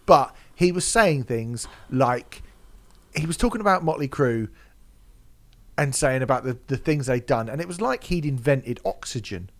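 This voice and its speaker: A man's voice: medium pitch, lively intonation, moderate pace. A man co-hosting a podcast, talking in a sarcastic, mocking way and laughing often. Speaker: podcast co-host. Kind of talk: casual podcast chat.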